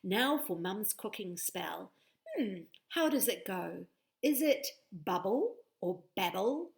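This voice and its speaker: A woman voicing a clumsy, excitable little girl witch in a storybook, with squeaky exclaiming lines. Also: takes it slowly, vocal fry. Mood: excited.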